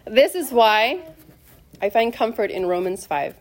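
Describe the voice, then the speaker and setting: A woman's voice: on the high side, sing-song, a little slow. A middle-aged woman preaching a sermon in a heartfelt, conversational way, calling the congregation to answer amen. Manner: emotional, conversational, asks the congregation for amens.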